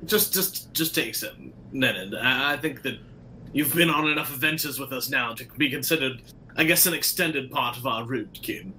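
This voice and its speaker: A man's voice: mid-range voice, moderate pace, bright, forceful tone, a little hiss or hum. A man playing a tabletop game in character, friendly and easygoing. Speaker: player. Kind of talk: in-character tabletop role-play.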